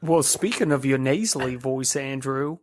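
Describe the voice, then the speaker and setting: A man's voice: mid-range voice, normal speed, no echo, studio quality. A man co-hosting a casual podcast, playful, cheering his co-host on with short teasing quips.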